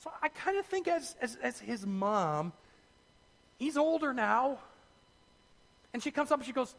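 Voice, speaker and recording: A man preaching a sermon, telling the story in a lively way with asides to his listeners. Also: very high voice, a little slow, creaky, long reverb tail. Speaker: pastor.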